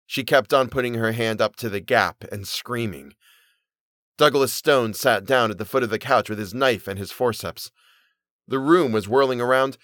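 A man reading a Victorian short story aloud as storyteller, in steady, measured narration. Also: mid-range voice, no echo, clean studio sound.

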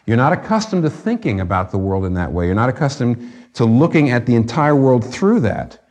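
A man's voice: medium pitch, very animated, fairly quick, a little mellow. A man preaching a sermon, earnest and conversational, rising to fervent emphasis on key points. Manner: conversational with fillers and restarts. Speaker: pastor.

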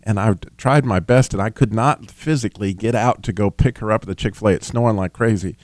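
A man's voice: lowish voice, fast, darkish tone, no room sound. A man hosting a casual faith-based discussion, talking earnestly and self-deprecatingly with stumbling restarts.

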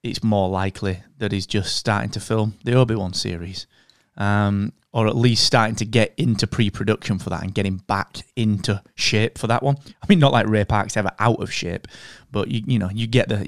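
A man talks in a relaxed, conversational way as a podcast host. His voice is smooth and clear, recorded close and dry with no room sound. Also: on the low side, no echo. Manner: relaxed and conversational, drifting into an upbeat show plug. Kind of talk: casual chat.

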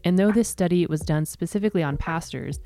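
A woman's voice: lowish voice, fast, mellow, faint music behind. A young woman hosting a podcast, chatting casually in an upbeat way and reading scripted narration. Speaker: podcast host.

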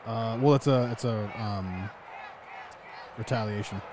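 Male player, casual and halting, noisy recording. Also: lowish voice, crowd noise. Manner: hesitant, muttering rules aloud. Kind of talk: casual tabletop game play. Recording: noisy background.

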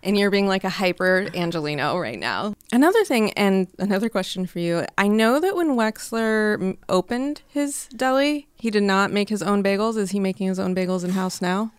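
A sarcastic woman firing back in a podcast debate, teasing and quick to laugh. Her voice is recorded close and dry, with no room sound. Her pitch sits in an ordinary middle range. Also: expressive, clean tone, dry recording.

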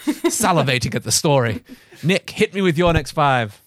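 A man's voice: on the high side, very animated, moderate pace, dry recording, studio quality. A man hosting a casual podcast chat, joking and steering the conversation back on track. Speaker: podcast host.

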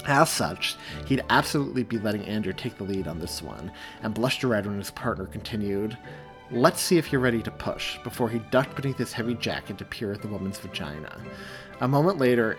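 A man narrates his own story in a measured, steady audiobook reading. His voice sits on the low side, with faint music behind the reading.

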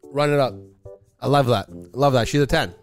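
A man's voice: medium pitch, moderate pace, faint music behind. A man co-hosting a casual chat podcast, joking and teasing and laughing a lot. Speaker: podcast co-host.

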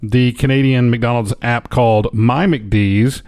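A man's voice: medium pitch, fairly even intonation, takes it slowly, a little mellow, no room sound. Nasal man bantering over news stories. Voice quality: nasal today. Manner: jokey, teasing, mock Canadian "eh". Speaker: co-host reading news stories. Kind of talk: casual banter reading news.

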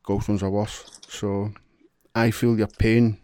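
A man's voice: on the low side, level tone, takes it slowly, a little mellow, no echo, studio quality. A man co-hosting a podcast in casual chat, blunt and laughing often, swearing freely. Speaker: podcast co-host.

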